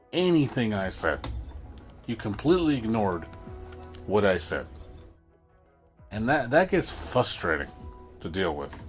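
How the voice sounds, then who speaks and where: A low-pitched man talks through a frustrated, casual rant on his livestream. He keeps stumbling, repeating and restarting his words as he pushes his point. Soft music plays faintly behind him.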